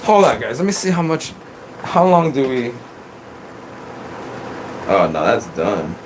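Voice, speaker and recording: A man chats through a casual livestream, rambling and excitable, swearing freely as he jumps from thought to thought. His voice sits at a middle pitch, recorded on a phone with a faint air-conditioner hum behind him. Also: a little slow. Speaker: streamer.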